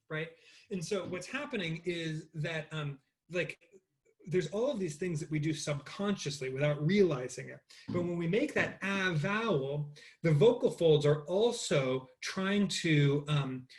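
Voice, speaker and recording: A man leading an interactive online voice lesson, talking casually with many fillers and demonstrating vocal sounds over a computer mic. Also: on the high side. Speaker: voice teacher.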